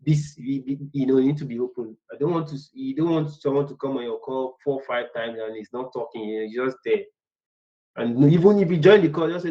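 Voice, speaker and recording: A man's voice: mid-range voice, quick pace, darkish tone, lo-fi sound. A man teaching business analysis in a casual, rambling way. He repeats words and acts out short workplace exchanges. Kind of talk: casual online lecture.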